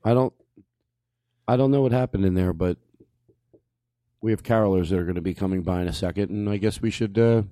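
A man's voice: on the low side, brisk, pauses often, mellow, dry recording, clean studio sound. A man hosting a comedy podcast in casual, playful chat. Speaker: host.

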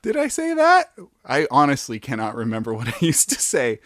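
A man's voice: mid-range voice, wildly swooping pitch, normal speed, fairly bright tone, no echo, clean studio sound. A man co-hosting a comedy podcast, chatting playfully and giggling as he improvises silly bits. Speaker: podcast co-host. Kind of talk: casual comedic chat.

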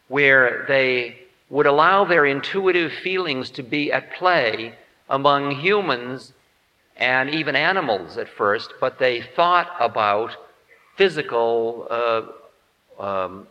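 A man's voice: mid-range voice, bright, forceful tone. A man giving a humorous spiritual lecture in a musing, wry, self-mocking way. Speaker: spiritual teacher. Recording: dull lo-fi tape in reverberant hall.

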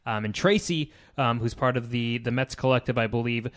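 A young man co-hosting a casual podcast, talking in a relaxed, rambling way with hesitations. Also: medium pitch, a little fast. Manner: laid-back, rambling, hesitant fillers. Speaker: podcast co-host.

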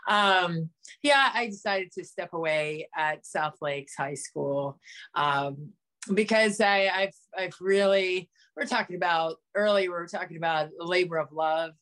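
Woman, middle-aged, podcast co-host, lowish voice, rambling with fillers. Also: unhurried, a bit bright. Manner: rambling, many fillers and restarts. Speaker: former high school coach. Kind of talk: casual sports chat.

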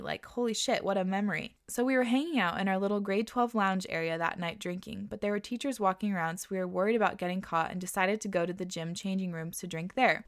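A woman hosting a podcast, reading listener stories aloud and reacting with laughter and casual swearing. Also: mid-range voice.

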